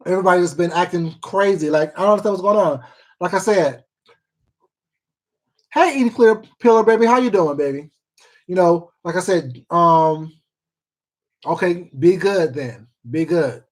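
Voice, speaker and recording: The voice is medium in pitch at normal speed, with frequent pauses. On a casual livestream, the host reads viewer comments and gossips in a rambling, profane way, repeating things, using fillers, and calling people baby and sweetheart.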